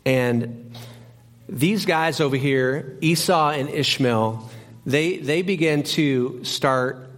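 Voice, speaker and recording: Lively storytelling young male pastor. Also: fairly high pitch, slow pace. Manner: animated storytelling, acting out both sides of a story. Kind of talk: sermon. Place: church sanctuary.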